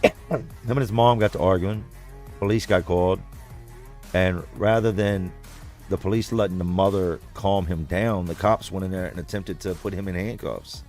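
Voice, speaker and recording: A man with a low, deep voice tells a story straight to his livestream viewers. He talks bluntly and casually, with plenty of swearing. Soft music plays faintly behind him. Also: moderate pace, pauses often. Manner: blunt, profane, conversational. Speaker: livestream host reading comments.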